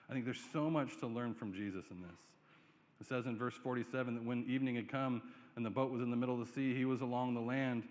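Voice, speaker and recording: A man's voice: medium pitch, long reverb tail. A male pastor preaching a sermon in a conversational way, asking the room rhetorical questions. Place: church sanctuary.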